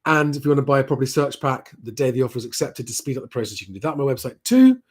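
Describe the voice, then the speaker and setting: A man's voice: mid-range voice, expressive, rapid-fire, slightly rough. A man hosting a live property Q&A, reading out viewer comments and answering them in a chatty, plain-spoken way with frequent ums. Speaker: property advice host.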